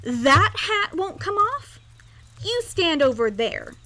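A woman's voice: high voice, big pitch swings, normal speed, pushed and bright, full character voice. A woman voicing a spoiled, proud little boy duke who talks in a whiny, bratty way.

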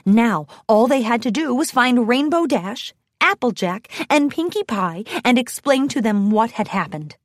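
A woman narrating a children's storybook in a bright, expressive reading. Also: on the high side, measured pace, few pauses, dry recording, studio quality.

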